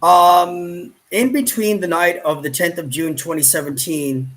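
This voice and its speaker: With a fairly high, slightly slow, somewhat bright voice, this man films his own YouTube vlog and argues with someone off camera. He repeats himself, keeps pleading, and reaches for grandiose wording. The mic sits far off, giving a roomy sound.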